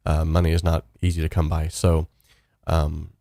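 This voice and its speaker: A deep, mellow-voiced young man rambles through a casual live stream from his home studio, with lots of fillers and restarts. The sound is dry and close, with no room around it. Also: completely flat delivery, normal speed, vocal fry, no room sound. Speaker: host.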